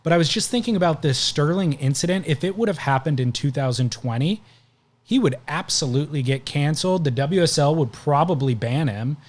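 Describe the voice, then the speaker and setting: A man's voice: a little high, expressive, brisk. A man hosting a podcast, casually recounting stories at length in conversation. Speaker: podcast host.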